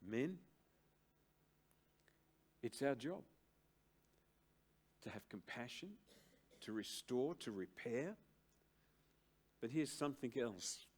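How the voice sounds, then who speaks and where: An older man preaching a sermon to a church congregation, slow and emphatic, with dramatic pauses and big swings between loud and soft. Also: medium pitch, expressive. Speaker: pastor. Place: church service.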